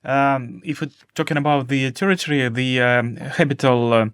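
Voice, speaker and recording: A man's voice: mid-range voice, fairly even intonation, moderate pace, fairly bright tone, clean tone. A man from Russia, speaking English with a Russian accent as an interview host, hesitant and full of fillers. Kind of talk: interview conversation.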